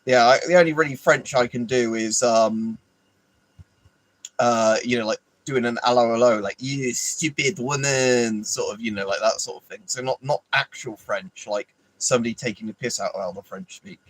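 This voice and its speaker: A man's voice: medium pitch, normal speed, rough recording. An Englishman hosting a casual livestream, rambling, swearing freely and answering viewers by name. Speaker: livestream host. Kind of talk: casual live chat.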